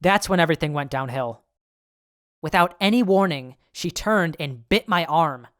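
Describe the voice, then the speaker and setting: A man's voice: on the high side, lively intonation, moderate pace, fairly bright tone, no echo, soft background music. A man reading a horror story aloud in the first person, in a nervous, self-justifying telling. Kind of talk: scripted horror story narration.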